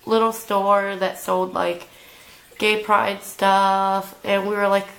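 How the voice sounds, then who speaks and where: A young woman in a storytime vlog, drawling her way through a story at an unhurried pace. Her pitch sits in the middle of the range, and she rambles with plenty of filler "like"s. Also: little pitch movement, a bit bright, low-quality recording. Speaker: vlogger.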